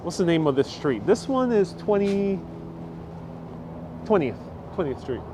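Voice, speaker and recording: A man's voice: high voice, very animated, a little slow, noisy background. Chatty man on a city walk. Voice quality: chatty, rambling, reads out viewer comments. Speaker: host. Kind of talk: live walking tour stream. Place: outdoors on a city street. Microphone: wireless lapel mic.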